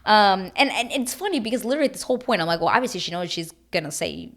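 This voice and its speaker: A woman's voice: medium pitch, expressive, racing, fairly bright tone. A young woman recapping a reality dating show to her viewers in a chatty, gushing way, full of fillers and emotional asides. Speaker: recap vlogger.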